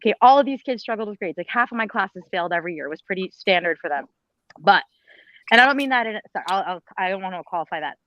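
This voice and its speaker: A woman's voice: medium pitch, expressive, fast, dry recording, muffled recording. A woman, a former teacher, speaking on a panel in an emphatic, pleading, blunt way with some mild swearing. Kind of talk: impassioned panel talk.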